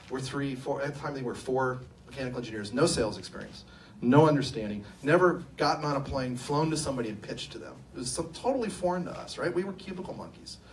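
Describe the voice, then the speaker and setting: A man's voice: medium pitch, quick pace. Middle-aged man, funny self-deprecating speaker, recorded from a distance, faint room hum. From Sacramento, California. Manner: self-deprecating, humorous, lively storyteller. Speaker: company co-owner and engineer giving a talk. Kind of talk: conference talk with personal storytelling. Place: event room at a live talk.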